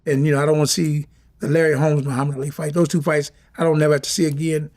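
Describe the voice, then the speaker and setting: A man's voice: on the high side, level tone, racing, a little mellow. A middle-aged man, talking casually and from the heart as an interview guest, often repeating himself. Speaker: former boxing champion, guest.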